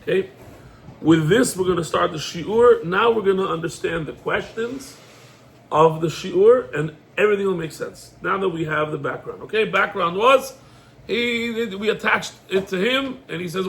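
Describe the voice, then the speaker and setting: High, gravelly-voiced rabbi teaching a class. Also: male voice, normal speed. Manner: animated storyteller, acts out dialogue, rhetorical questions. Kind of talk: lively Torah class, mixing English with Hebrew quotes.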